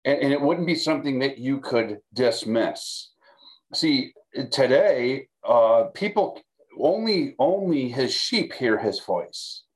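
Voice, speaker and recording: A man of middle pitch teaches scripture to a camera, talking to his viewers as if they sit in front of him. He talks in a conversational way, restarting phrases and asking "okay?" as he goes. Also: poor audio. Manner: conversational, repeats words, fillers, checks in with "okay?". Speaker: pastor teaching a Bible study. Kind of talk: recorded Bible teaching. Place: recorded for video.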